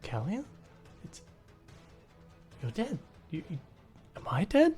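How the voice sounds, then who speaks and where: A game master voicing a drowsy, confused trapped person who talks in halting, trailing phrases. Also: mid-range voice, wildly swooping pitch, a little mellow, breathy edge, soft background music, pitched above the performer's own voice, exaggerated voice. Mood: dazed.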